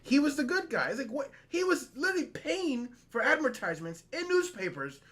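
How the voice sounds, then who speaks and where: A man's voice: extremely high pitch, big pitch swings, a little fast, fairly bright tone. A man co-hosting a podcast, ranting in heated, profane, incredulous bursts during casual talk. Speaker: podcast co-host.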